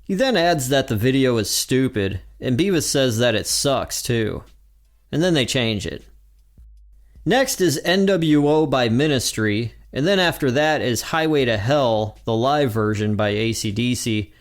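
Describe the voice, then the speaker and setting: A man hosting a podcast, recapping a cartoon episode in lively storytelling narration. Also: medium pitch, a little slow, faint music behind. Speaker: podcast host.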